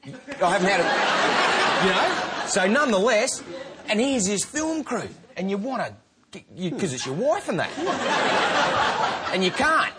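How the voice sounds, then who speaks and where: A man in his thirties with an Australian accent, a guest telling stories in an animated, laughing, slang-filled way. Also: sits high, unhurried, pauses often, over a noisy crowd, very noisy. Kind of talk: casual interview chat.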